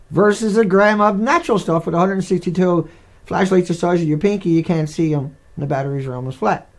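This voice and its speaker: A man's voice: high voice, moderate pace. A man hosting a live stream, talking in a rambling, digressive way with many restarts.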